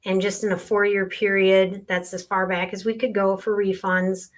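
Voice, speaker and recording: A woman's voice: medium pitch, little pitch movement, moderate pace. A middle-aged woman, a sales tax consultant, explaining earnestly with client stories in a podcast conversation.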